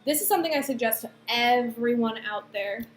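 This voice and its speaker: A young woman in her twenties telling a personal story to camera, chatty and animated, with lots of fillers and acted-out quotes. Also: on the high side, a little fast, faint music behind. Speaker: vlogger. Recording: echoey room, faint background noise.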